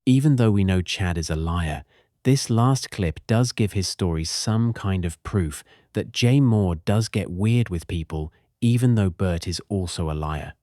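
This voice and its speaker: Man, low voice, dark mellow tone, dry sardonic commentary, dead-dry sound. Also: expressive, measured pace, no room sound. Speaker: commentary channel host. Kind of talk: commentary voice-over.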